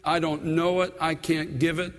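A man's voice: a little high, level tone, normal speed, big-room sound. A man in his sixties, a pastor, preaching an earnest sermon full of personal stories in a church.

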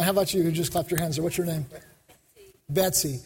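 A man's voice: a little high, fairly even intonation, fairly quick, pauses often, darkish tone, slight background noise. A man preaching a fervent, repetitive sermon, speaking straight to a large crowd. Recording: long hall reverb.

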